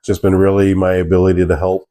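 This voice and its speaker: A man's voice: low voice, flat delivery, quick pace, warm tone, no room sound. A man in his forties, a guest in a casual interview, talking in a rambling, hesitant way. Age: 40s.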